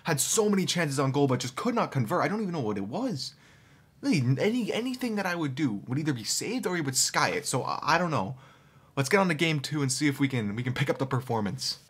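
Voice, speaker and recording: A man reviewing a football video game card and then commentating his own matches, growing excitable and shouting and groaning at near misses. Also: fairly high pitch, quick pace, breathy edge. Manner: addresses viewers as boys. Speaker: gaming YouTuber. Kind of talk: player review and live gameplay commentary.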